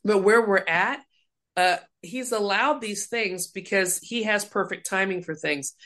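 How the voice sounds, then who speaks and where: Animated woman minister telling stories. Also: mid-range voice, measured pace. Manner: animated, acts out quoted voices. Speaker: ordained minister, guest. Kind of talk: faith interview, storytelling.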